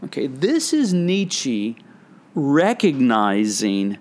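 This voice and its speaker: A man's voice: mid-range voice, wildly swooping pitch, extremely slow. Give me an older man, a pastor, telling stories in a reflective, rambling way in casual conversation. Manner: reflective, rambling storyteller with frequent restarts. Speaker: pastor and author.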